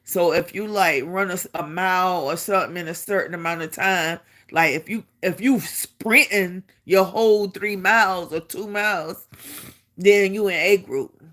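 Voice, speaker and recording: A middle-aged woman tells a personal story in a casual, lively way. Her voice is bright and forceful, and she slips into the voices of the people she quotes. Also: lowish voice, moderate pace. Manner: animated, acts out quotes, laughs while telling. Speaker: vlogger.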